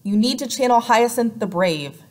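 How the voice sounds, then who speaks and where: A woman reading an audiobook and voicing a calm, organized older sister who takes charge of her siblings. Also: a little high, moderate pace, voice pushed up, lightly acted. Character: thoughtful eldest sister, organized leader.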